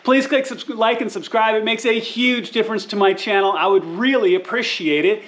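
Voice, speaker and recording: A man's voice: high-pitched, moderate pace, a bit bright. A man hosting a casual, upbeat how-to video on car work, recorded from inside a car's back seat. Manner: upbeat, friendly, says "y'all" often. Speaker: car DIY video host.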